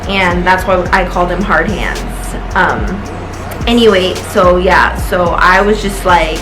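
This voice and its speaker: A woman's voice: fairly low pitch, a little slow, low-quality recording. Young woman, tipsy, rambling storytime, casual swearing, music in the background. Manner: rambling, swearing, loose and chatty. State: tipsy and high. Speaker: vlogger. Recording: music playing behind her voice.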